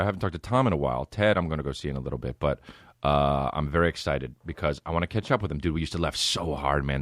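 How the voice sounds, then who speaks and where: A man's voice: extremely low pitch, no echo, clean studio sound. A man in his thirties hosting a podcast, telling a rambling, profane, laid-back comedic story. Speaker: podcast host.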